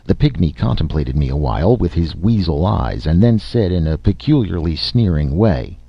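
A man narrating a story aloud in an expressive, dramatic reading style. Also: sits low, moderate pace, gravelly, few pauses, slightly rough, dry recording. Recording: slightly muffled lo-fi recording.

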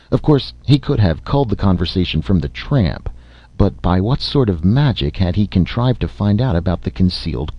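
A man narrating a story aloud in an expressive, dramatic reading style. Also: low-pitched, no room sound. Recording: slightly muffled lo-fi recording.

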